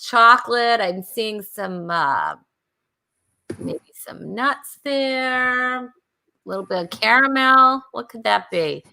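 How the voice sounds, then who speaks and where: Woman, comedy show host, chatty, bright tone, slightly high voice. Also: expressive, slow pace, gravelly. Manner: chatty, laughing often. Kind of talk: casual game show banter.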